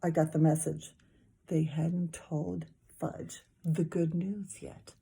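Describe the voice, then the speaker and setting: A teacher reading a children's chapter book aloud, her narration lively and expressive. Her voice is low-pitched, warm and mellow, with a soft breathy texture. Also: slow.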